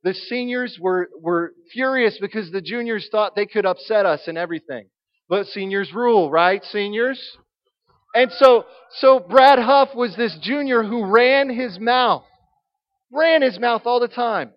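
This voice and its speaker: High-voiced storytelling preacher man. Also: a little slow, dull audio. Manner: animated, humorous storytelling. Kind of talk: storytelling sermon.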